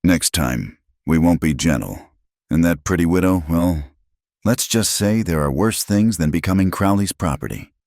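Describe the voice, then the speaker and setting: A menacing outlaw henchman in a western storybook, put on by a man. He threatens slowly, with a very deep voice and lively pitch. The sound is close and dry. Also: dry recording.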